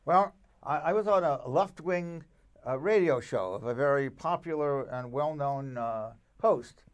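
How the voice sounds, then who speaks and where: A man's voice: fairly high pitch, unhurried. A man, a rabbi guest in a conversational interview, speaking emphatically and arguing with rhetorical questions.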